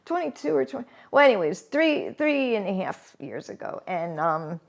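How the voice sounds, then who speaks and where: Middle-aged woman telling her story, gravelly fry in her voice, stops and starts, laughs a lot. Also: mid-range voice, very animated. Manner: halting, often laughs mid-sentence. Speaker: interviewee. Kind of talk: candid personal storytelling.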